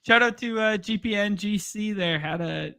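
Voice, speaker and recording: A man's voice: sits high, moderate pace, gravelly, sharp tone, smooth, no room sound, clean studio sound. A man co-hosting a casual podcast, giving short replies and laughing easily. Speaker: podcast co-host. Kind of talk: casual chat.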